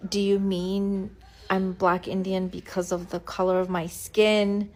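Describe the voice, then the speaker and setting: A woman speaks calmly and earnestly, asking her viewers a question. Her delivery is flat in pitch and unhurried. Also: slight background noise, rough recording.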